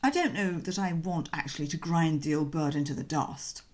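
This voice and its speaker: A woman voicing a cheerful young gentleman, breezy and chatty, in a bouncy, slangy audiobook reading. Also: low voice, normal speed, voice pushed down.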